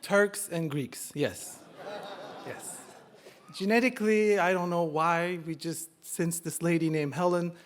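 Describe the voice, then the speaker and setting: A man's voice: a little high, measured pace. A man in his forties from Turkey with a Turkish accent, telling a funny personal story live on stage, self-mocking and building to punchlines. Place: live stage before an audience.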